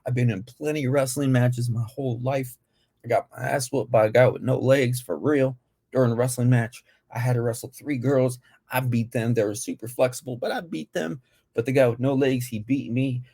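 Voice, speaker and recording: Man with a low gravelly husky voice, casual reaction commentary, playful slang. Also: fairly even intonation, mellow. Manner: slow, drawn-out, playful banter with slang. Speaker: reaction video host.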